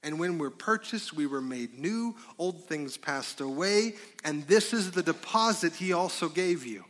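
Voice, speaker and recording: A pastor delivers his sermon, firing rhetorical questions and jumping into loud, excited bursts. His voice sits high and bright. It rings with the long reverb of a big hall. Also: measured pace.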